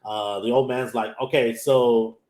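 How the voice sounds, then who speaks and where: A man's voice: medium pitch, steady tone, measured pace, darkish tone. A man, casually recapping an anime episode in a rambling way and acting out the characters' lines. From Texas, USA. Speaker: anime podcast host. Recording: echoey room.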